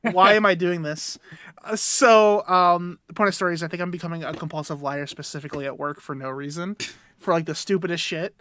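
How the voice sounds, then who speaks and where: Fast and fairly high-pitched, a bit bright, with no echo, this young podcast co-host chats casually, telling a meandering story about himself and laughing between lines.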